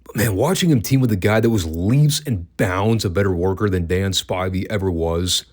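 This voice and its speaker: A man's voice: low-pitched, normal speed, darkish tone. Profane, dry-witted man reviewing wrestling. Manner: dry, profane, laughs at his own jokes. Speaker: podcast host reviewing wrestling. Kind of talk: casual review podcast.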